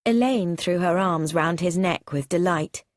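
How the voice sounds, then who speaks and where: Clear, measured woman narrating a storybook. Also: lowish voice, no room sound. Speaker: audiobook narrator. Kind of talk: scripted audiobook narration for learners.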